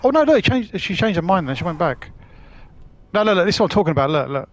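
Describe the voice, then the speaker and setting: A man's voice: high voice, sing-song, fast talker. A man chatting casually on a live stream while playing, laughing often and swearing freely.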